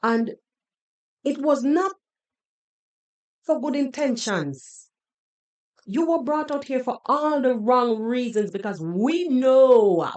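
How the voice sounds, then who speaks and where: Speaking in a mid-range voice with a darkish tone, a Jamaican woman hosts a podcast. She scolds and mocks what she sees in a video, her sarcastic reactions drifting into patois.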